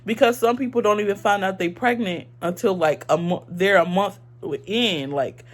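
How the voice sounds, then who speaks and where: A woman's voice: mid-range voice, moderate pace. A young woman vlogging her opinions in casual, earnest talk, emotional and full of "like" and "um".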